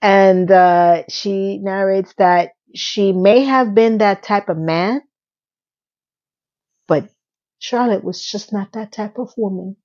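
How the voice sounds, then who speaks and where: A woman's voice: medium pitch, slow. A chatty woman talks through a series episode, acting out the quoted lines as she goes. Her voice sits in a middle range. The recording is a little dull and lo-fi. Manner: chatty and animated, retelling scenes with quoted lines. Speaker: recap vlogger. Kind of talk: casual episode recap.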